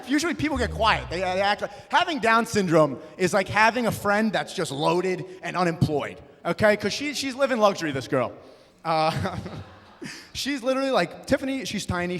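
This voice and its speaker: A young man doing a stand-up comedy set, loud and punchy, slipping into acted-out voices. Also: high voice. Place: comedy club stage. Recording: live room with long reverb.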